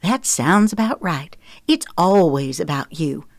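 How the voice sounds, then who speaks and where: A woman voicing an angry, hurt young mother who snaps and shouts into the phone in an audiobook. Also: low-pitched, lively intonation, measured pace, vocal fry, dry recording, clean studio sound, heavily acted. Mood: furious. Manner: sharp, heated, rising to shouts. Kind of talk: audiobook character voice.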